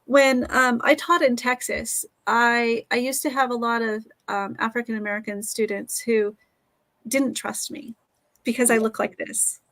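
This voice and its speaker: A middle-aged woman speaks as an interview guest, earnest and reflective, now and then restarting a thought. Her voice sits a little higher than most. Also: little pitch movement, a little slow, fairly bright tone. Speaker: guest, author and teacher.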